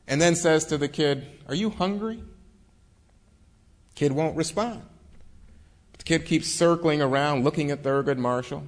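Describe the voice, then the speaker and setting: A man telling a true story to an audience in a vivid, dramatic storytelling manner. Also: medium pitch. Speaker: speaker. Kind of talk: storytelling talk.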